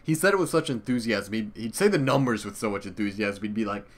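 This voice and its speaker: A man's voice: fairly low pitch, lively intonation, quick pace. A young man, a YouTuber, rambling casually and profanely about old channels, laughing often. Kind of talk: casual nostalgic commentary.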